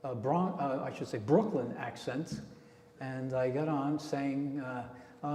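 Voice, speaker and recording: A man's voice: mid-range voice, unhurried, mellow. A man leading a radio club meeting, telling a rambling casual story to the members. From New Jersey. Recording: echoey hall with long reverb.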